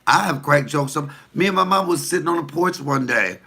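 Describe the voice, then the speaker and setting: A man's voice: a little high, expressive, fairly quick, vocal fry, bright, forceful tone, husky. A comedian talking casually to the camera, blunt, profane and preachy as he tells stories and gives advice.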